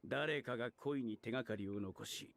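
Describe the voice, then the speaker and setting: Gravelly, terse game swordsman. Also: fast talker, fairly bright tone, a little hiss or hum. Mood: cold. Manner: low, terse, half-whispered. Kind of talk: video game voice acting.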